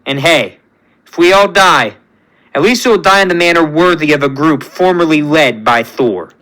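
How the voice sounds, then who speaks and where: A man's voice: fairly high pitch, normal speed, a bit bright, close to an everyday voice, poor audio. A man voicing an easygoing male leader of a space crew, talking in a casual, upbeat way. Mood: rallying.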